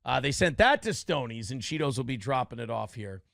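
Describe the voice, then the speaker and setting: A man's voice: medium pitch, lively intonation, fairly quick, gravelly, a bit bright, dry recording, clean studio sound. A middle-aged man hosting a casual show, rambling through anecdotes and quoting others as he goes. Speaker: streamer host. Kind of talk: casual chat.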